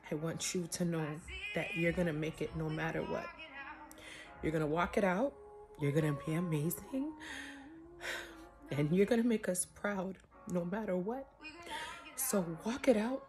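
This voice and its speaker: A woman recording a heartfelt graduation message for her niece, tearful and crying as she talks, earnest and rambling. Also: lowish voice. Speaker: aunt giving a graduation message. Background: music.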